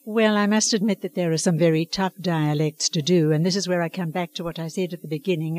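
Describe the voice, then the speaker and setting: Brisk and with few pauses, an older woman's lowish, darkish voice stays fairly even in intonation. She's a dialect coach being interviewed conversationally, and she talks with earnest emphasis and real passion for her work.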